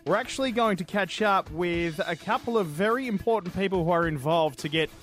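Upbeat Australian host, higher voice, light music faintly behind. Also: male voice, fairly bright tone. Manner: upbeat, quick rapport, plenty of "yeah". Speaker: podcast host. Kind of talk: casual chat, show intro.

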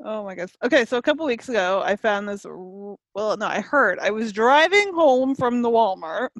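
A woman's voice: a little high, animated, fairly quick, no room sound. A woman chatting casually on a podcast, giggly and full of "like". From Canada. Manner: chatty, giggly, lots of "like" and laughs. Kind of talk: casual chat.

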